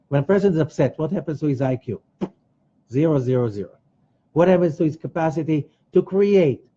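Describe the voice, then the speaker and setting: Husky man teaching emphatically. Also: fairly high pitch, warm tone. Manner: emphatic, repeats phrases, acts out quoted voices. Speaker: Kabbalah teacher. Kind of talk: teaching a weekly study class. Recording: dull lo-fi recording.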